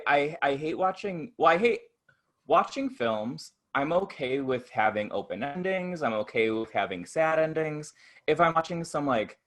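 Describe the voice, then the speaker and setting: Animated, bright-voiced podcast co-host man. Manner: gushing and animated, breaks into high mimicry and laughter. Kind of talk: casual chat.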